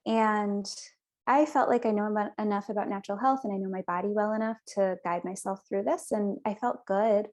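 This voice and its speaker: A woman's voice: medium pitch, steady tone, fairly quick, darkish tone. A young woman guest on a podcast, telling her personal story in an earnest, chatty way. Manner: earnest, chatty, with small restarts.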